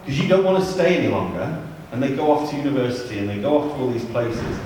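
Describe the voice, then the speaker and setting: Male youth leader, mid-pitched, chatty and funny, telling anecdotes; heard from afar in a big reverberant church. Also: lively intonation, quick pace, darkish tone, a little hiss or hum. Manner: chatty, humorous storytelling with asides. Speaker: youth ministry leader giving a seminar. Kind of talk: anecdotal church seminar talk. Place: large church hall. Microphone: distant from the mic. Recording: echoey church hall from far off.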